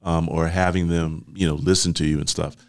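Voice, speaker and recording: Older man, very low voice, earnest grandfather guest, conversational. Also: little pitch movement, fairly quick, a little hiss or hum. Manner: earnest, reflective, talks in tags like "right?". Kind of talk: casual chat.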